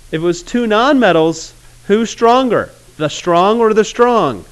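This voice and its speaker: Guy teaching chem to his class, kinda high voice, jokey, pauses a lot. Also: lively intonation, clean tone. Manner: casual, joking, with awkward pauses. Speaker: chemistry teacher. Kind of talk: classroom lecture.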